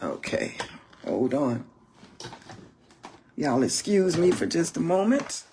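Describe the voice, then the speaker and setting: A woman's voice: low-pitched, big pitch swings, takes it slowly, noisy background. A woman ministering on marriage to camera in a preaching style, emphatic and full of rhetorical questions.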